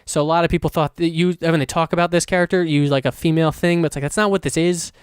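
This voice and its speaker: A man hosting his own podcast, rambling casually and excitedly with plenty of swearing. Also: a little high, rapid-fire, smooth, dry recording, clean studio sound. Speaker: podcast host.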